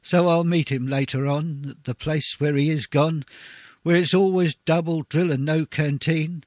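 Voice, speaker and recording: Brief: male reader, somewhat high voice, theatrical ballad recitation, dry close sound. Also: steady tone, moderate pace, darkish tone, no echo. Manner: rhythmic, theatrical, swelling on refrains. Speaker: poetry reader. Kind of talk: dramatic poetry recitation.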